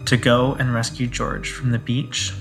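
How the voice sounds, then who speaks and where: A man narrating a tabletop game as game master, in measured, descriptive narration. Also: mid-range voice, level tone, over music, low-quality recording.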